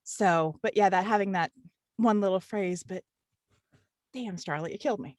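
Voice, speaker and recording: A woman voice actor joining a casual panel chat over a video call, talking in a lively way and laughing often. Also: mid-range voice, moderate pace, no room sound, studio quality.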